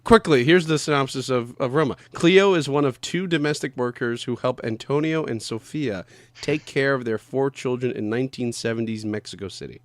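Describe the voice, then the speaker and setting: A man talks casually as a podcast co-host, wandering through his thoughts and swearing as he goes. His voice sits at an ordinary middle pitch. The sound is dry, with no room echo. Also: brisk. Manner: rambling, swears often, loses names. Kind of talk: casual chat.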